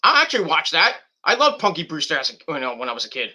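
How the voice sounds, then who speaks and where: A rambling, profane man in his thirties hosting a casual podcast chat. His voice is very bright and his pitch swings all over the place, climbing a little high for a man. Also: huge pitch swings, fast. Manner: rambling, profane, restarts often, shouts in bursts. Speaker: podcast host.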